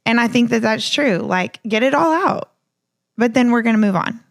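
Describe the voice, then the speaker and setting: A woman in her thirties, co-hosting a casual chat about faith and family, earnest and animated, acting out the things people said to her. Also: on the high side, normal speed, no room sound, studio quality. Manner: earnest, animated, acts out quoted remarks. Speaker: podcast co-host.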